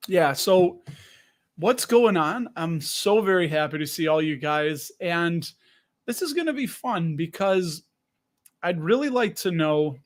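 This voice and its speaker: Man, livestream host, casual chat, a bit out of breath, higher voice. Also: lively intonation, a little slow. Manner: chatty, greets viewers by name. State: a little out of breath.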